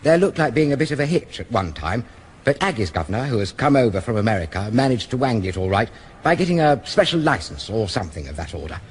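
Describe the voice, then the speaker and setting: A man's voice: medium pitch, sing-song, quick pace, a little hiss or hum, natural voice. An actor playing a nervous, bumbling young aristocratic Englishman in a radio drama. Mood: breezy. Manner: blustering, hesitant, slangy.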